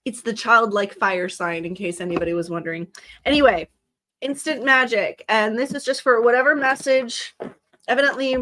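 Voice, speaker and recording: A woman's voice: fairly high pitch, normal speed, a bit bright. A woman hosting a live stream in casual chat, her accent mixing Californian with a Southern twang, rambling and laughing as she talks. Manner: chatty, rambling, laughing asides.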